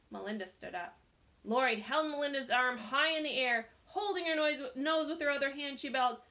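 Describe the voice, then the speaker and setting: Bright expressive woman reading aloud. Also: medium pitch, normal speed, vocal fry. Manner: lively, expressive storytelling. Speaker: narrator.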